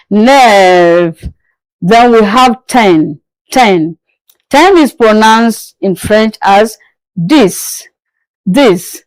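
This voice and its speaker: A woman's voice: fairly high pitch, a little mellow, no room sound, poor audio. A woman teaching a pronunciation lesson, repeating each word several times and patiently asking and answering her own questions. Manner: patient, coaxing learners to listen closely. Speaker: French teacher. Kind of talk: slow drilling pronunciation lesson.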